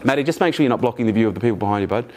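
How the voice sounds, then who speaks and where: A middle-aged man giving a keynote talk to a live team, energetic and profane, joking and asking the room questions. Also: fairly low pitch, very fast. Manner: energetic, profane, jokey, asks the audience questions. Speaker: keynote speaker. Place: event room with live audience.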